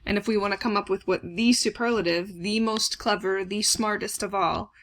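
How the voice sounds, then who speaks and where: A woman's voice: medium pitch, fairly even intonation, normal speed, a bit bright. A woman teaching German grammar in a recorded lesson, explaining step by step with frequent fillers.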